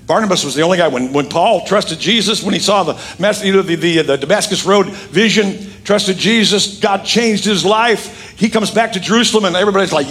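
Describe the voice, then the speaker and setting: A man's voice: a little fast, few pauses. A middle-aged man preaching a sermon as pastor, telling stories with big swings in his voice and joking with the congregation. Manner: lively storytelling with big pitch swings and asides; calls on the congregation to repeat lines. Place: church sanctuary with congregation.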